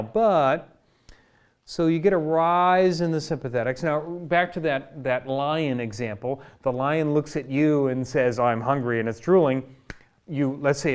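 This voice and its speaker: A man's voice: medium pitch, smooth. A man who works as a chiropractor, explaining a health topic to camera from his office in a conversational way, checking in with "right?" and "okay?". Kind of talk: educational health talk to camera.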